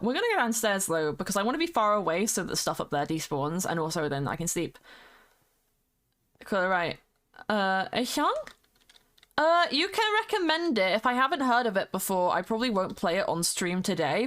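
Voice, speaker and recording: A playful British woman chats away casually as she streams a game. Her voice sits at an ordinary middle pitch, and she rambles cheerfully from one thought to the next. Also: fairly bright tone. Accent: British English. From United Kingdom. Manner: chatty and playful, sings along, slips into silly voices. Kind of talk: casual chat while gaming.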